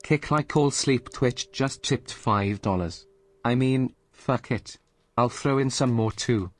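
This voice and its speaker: A synthetic male text-to-speech voice reading out donation messages with an even, mechanical delivery. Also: mid-range voice, slow.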